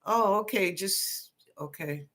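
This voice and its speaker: A woman's voice: medium pitch, slow pace, a bit bright. A woman hosting a live psychic reading stream, chatting casually and greeting viewers one by one by name. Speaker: psychic reader and show host.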